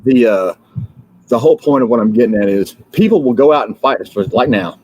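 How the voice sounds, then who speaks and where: A husky-voiced man from the United States hosts a livestream, still drowsy from sleep. He rants in a fiery, repetitive way, stumbling over fillers and restarts. His voice sits at an ordinary middle pitch. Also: lively intonation, brisk, darkish tone, low-quality recording. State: drowsy, just woken up. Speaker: livestream host. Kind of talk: rambling political livestream rant.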